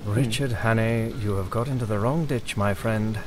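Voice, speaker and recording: A man voicing a stern figure in a story game, speaking in a measured, grave way. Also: lowish voice, lightly acted. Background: game music.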